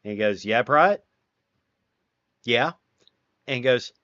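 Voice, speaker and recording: Hosting a casual chat on stream, this man spins wry, profane stories and performs the quoted lines himself. He speaks at a moderate pace with frequent pauses in a medium-pitched, slightly bright voice, with no echo, and the recording comes across dull, dry, and lo-fi.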